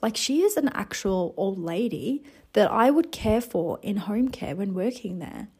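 Woman, late twenties, casual motivational monologue, chatty animated storytelling. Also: medium pitch, a little slow, breathy edge. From Netherlands. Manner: chatty, animated storytelling with lots of "you know" and "like". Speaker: wellness vlogger.

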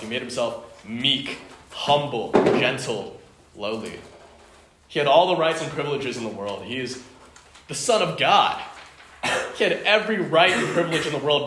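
A man's voice: medium pitch, a bit bright. Earnest man preaching in an echoey room. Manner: earnest, emphatic, builds lists and repeats phrases. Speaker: youth preacher. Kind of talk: sermon. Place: indoor home fellowship meeting. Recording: echoey room, faint noise.

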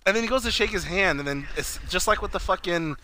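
Profane, rambling man with a bright voice. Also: high-pitched, expressive, quick pace, slight background noise. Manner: rambling, profane, laughs often, acts out scenes. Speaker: podcast co-host. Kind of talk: casual chat recapping a TV episode.

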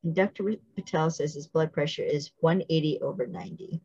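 A woman's voice: sits low, a little fast, darkish tone, husky, lo-fi sound. A woman hosting a podcast, recapping a TV episode in casual chat and stopping to explain details with asides. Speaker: podcast host.

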